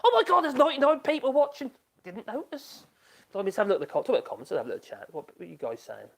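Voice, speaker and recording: A man's voice: very high voice, very animated, rapid-fire, vocal fry. A man hosting a casual live stream from his home workshop, chatting loosely and laughing often as he reads out and reacts to viewer comments.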